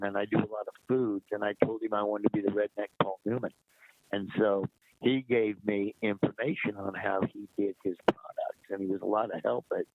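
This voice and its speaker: A man's voice: lowish voice, no room sound. A man guest on an interview show, animatedly telling backstage anecdotes and acting out what people said. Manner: lively anecdote teller who acts out quotes. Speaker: guest comedian. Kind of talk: casual interview storytelling. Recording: dry, tinny phone-like line.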